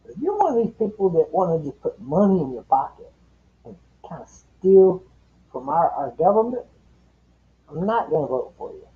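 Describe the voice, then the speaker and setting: High, lively rambling man on lo-fi stream. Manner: rambling, profane, opinionated. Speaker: livestream host. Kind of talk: casual late-night chat. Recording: dull lo-fi stream audio.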